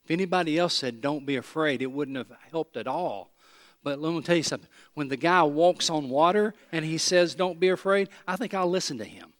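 A man preaching a sermon in a voice that sits a little high for a man. He swings from loud emphatic lines to hushed low ones and repeats phrases as he addresses the congregation directly. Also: a little fast. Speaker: pastor.

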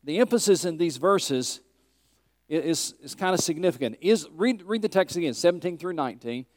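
A man's voice: on the high side, lively intonation, moderate pace, darkish tone, no room sound. Earnest man teaching scripture. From Tennessee. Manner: earnest, emphatic, questions the class. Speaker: Bible teacher. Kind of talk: teaching a Bible class.

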